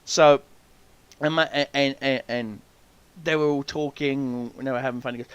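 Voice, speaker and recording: A man hosting a podcast, telling an animated story full of swearing and acted-out voices. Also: medium pitch, normal speed, clear, resonant tone, lo-fi sound. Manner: swears freely, animated, acts out quoted voices. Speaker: podcast host. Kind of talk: casual storytelling chat.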